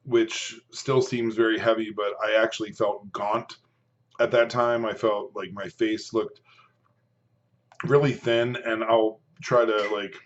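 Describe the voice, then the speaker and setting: Man, 50s, low-pitched, casual eating vlog, rambling chat, dull lo-fi sound. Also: flat delivery. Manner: rambling, chatty, with pauses to chew. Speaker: food and fitness vlogger. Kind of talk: casual talk to camera while eating.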